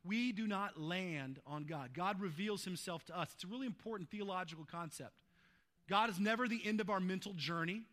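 His voice sits high and moves fairly quickly as he preaches, an emphatic pastor stacking adjectives. The sermon swings from loud urgency down to quiet tenderness.

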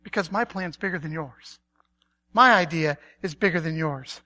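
Woman preacher putting on God, a lowered, commanding divine voice, firm and reassuring, bright tone. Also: normal speed. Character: God, a deep calm commanding male deity.

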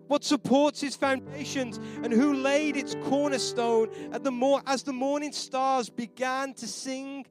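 A man preaching a sermon as pastor. He moves from soft, near-whispered pleading to loud, rising proclamation. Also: very high voice, steady tone, a little slow, hardly any pauses, over music. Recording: live church sermon with band playing behind.

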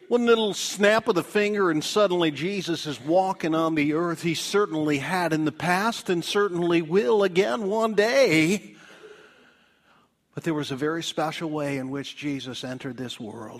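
A man with a high voice preaching a sermon to his congregation. He tells stories with wide swings in pitch. He drops low and soft to press his main points. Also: moderate pace. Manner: storytelling with big pitch swings, dropping low and soft for emphasis. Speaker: pastor. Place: church.

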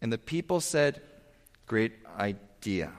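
A man preaching a sermon as pastor, telling a Bible story with animated voices for its figures. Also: lowish voice, takes it slowly, in a large hall.

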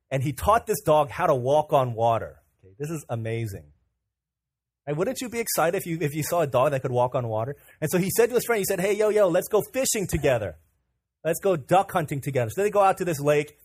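A young pastor with a husky, slightly high voice preaches a sermon in an animated, casual style, telling stories and acting out the voices of the people in them.

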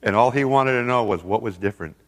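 A man telling a story to a seminar audience in a lively, animated way, acting out the people he quotes. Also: mid-range voice, fast. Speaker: seminar speaker. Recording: long hall reverb.

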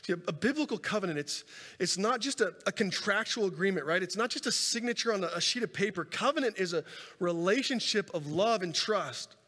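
A man preaching a sermon and telling a scripture story with animated delivery, swinging between loud and soft and repeating words as he goes. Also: high voice, a little fast. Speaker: pastor. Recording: reverberant hall sound.

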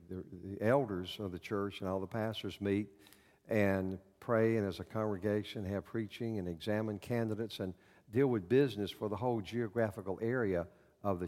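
A male pastor preaching a sermon to his congregation in a church, in a folksy, halting way with many fillers. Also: low-pitched, a little mellow, big-room sound. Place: church sanctuary.

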